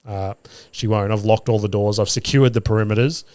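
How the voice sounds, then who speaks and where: A man's voice: fairly low pitch, fairly even intonation, a little fast, a little mellow, clear, resonant tone, no room sound, studio quality. An Australian man hosting a podcast, telling stories in a casual monologue, swearing freely and acting out what he said. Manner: swears freely, acts out his own quoted lines. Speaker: podcast host and stand-up comedian.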